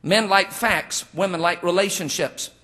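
With a high-pitched, sharp voice and a measured pace, a male pastor preaches a humorous sermon. He relies on folksy storytelling and jokes, giving voice to the people he quotes.

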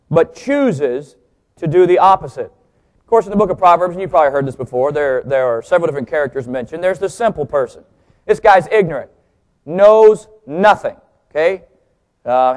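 Preaching with a lively, joking manner, this man trades humor with the congregation. Key teaching moments come slower and more stressed, with his pitch swinging for emphasis.

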